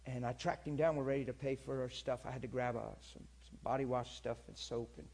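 A husky male preacher, earnest, talks right to the crowd like a chat, mid-pitched voice. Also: steady tone, fairly quick, darkish tone. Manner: earnest, conversational, direct address. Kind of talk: sermon storytelling.

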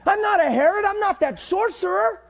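A middle-aged male pastor preaching a sermon with passion, dropping to near whispers and rising to shouts. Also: very high voice, animated, a little fast, gravelly. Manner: impassioned preaching that swings between hushed and shouted.

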